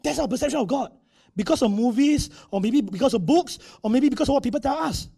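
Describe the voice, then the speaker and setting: In a church, a male preacher gives a conversational sermon in a high, husky, dark-toned voice. He's animated and fast, acting out little quotes and dropping tag particles as he goes.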